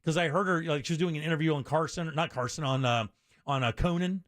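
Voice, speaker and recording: A man hosting a casual podcast chat, telling stories in an animated, rambling way. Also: fairly high pitch, quick pace, dry recording, studio quality. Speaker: host.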